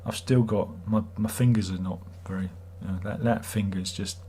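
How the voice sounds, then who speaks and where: A man's voice: on the low side, steady tone, a little fast, mellow, husky. A middle-aged British man hosting a livestream, chatting in a rambling, wry, self-mocking way. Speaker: livestream host. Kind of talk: casual livestream chat.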